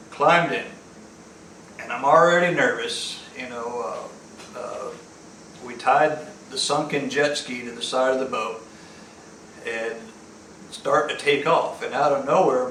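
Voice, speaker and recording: A man's voice: mid-range voice, pushed and bright, slight background noise. A man with an American Southern accent casually telling a story in a folksy, laid-back way with dry humor. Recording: roomy, distant mic with faint ambience.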